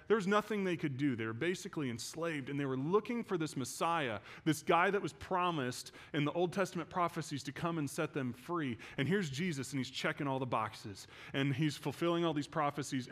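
A man preaching a sermon as a pastor, telling Bible stories with energy and acting out the voices of the characters. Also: on the high side. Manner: animated storytelling preacher, acts out voices of biblical characters. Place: church.

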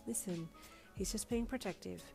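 A woman reading the lines of a shy, gentle young woman who speaks softly and reassuringly. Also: mid-range voice, moderate pace, vocal fry, over music, lightly acted. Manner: soft-spoken, shy.

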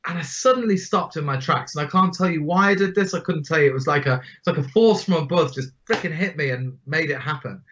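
A man in his forties, guest on an interview podcast, telling his stories in an animated, emphatic way. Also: on the high side, fast, few pauses, slight background noise. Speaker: guest speaker. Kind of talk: storytelling interview. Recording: dull lo-fi sound.

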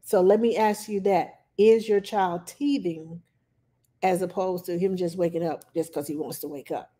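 A woman nanny giving parenting advice in a calm, plain-spoken casual talk, with frequent pauses and fillers. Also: on the low side.

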